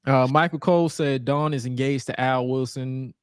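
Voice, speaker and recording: A man in his thirties co-hosting a podcast, telling stories in a casual, animated way, swearing freely and using lots of fillers. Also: mid-range voice, moderate pace, clean tone, dry recording, clean studio sound. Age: 30s. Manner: animated, profane storytelling with many fillers. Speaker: podcast co-host. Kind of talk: casual chat.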